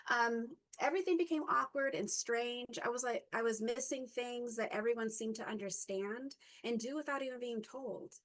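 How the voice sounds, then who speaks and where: A woman in her forties giving a personal reflective talk, halting often with ums and correcting herself mid-sentence. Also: fairly high pitch. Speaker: guest speaker.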